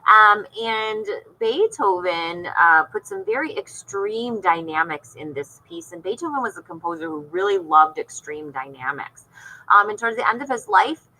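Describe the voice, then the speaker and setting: A woman music teacher with a bright, clear tone talks young students through an online assignment. She is patient and explains each step in turn. She sounds like she is recording at her computer. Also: medium pitch, sing-song, moderate pace, rough recording.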